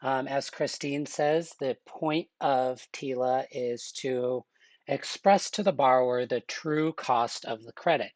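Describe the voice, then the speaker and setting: A man teaching a live online exam-prep lesson in a relaxed, chatty way, with filler words and joking asides. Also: medium pitch, slow pace, no room sound. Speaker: webinar instructor.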